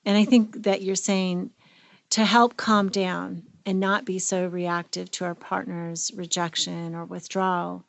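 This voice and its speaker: Gravelly-voiced woman podcast co-host. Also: on the low side, flat delivery, unhurried, no echo. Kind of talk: casual conversational podcast.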